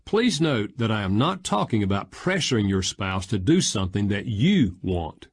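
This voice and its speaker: A man narrating an audiobook in a measured, expressive reading style. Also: fairly low pitch, husky.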